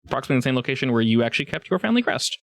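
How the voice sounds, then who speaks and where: A man narrating a tabletop game as game master, relaxed and halting, with many fillers. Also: medium pitch, creaky, dry recording.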